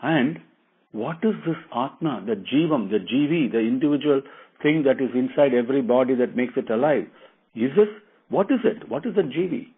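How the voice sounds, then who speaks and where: A man voicing a calm young male prince who asks probing questions, on a tinny phone-like recording. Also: medium pitch, moderate pace, husky. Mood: calmly questioning.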